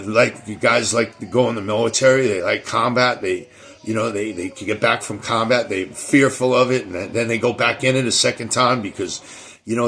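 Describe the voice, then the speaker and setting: Gravelly-voiced man, rambling talk. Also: mid-range voice, a bit bright. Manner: rambling, repeats words and restarts often. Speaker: show host. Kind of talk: casual monologue.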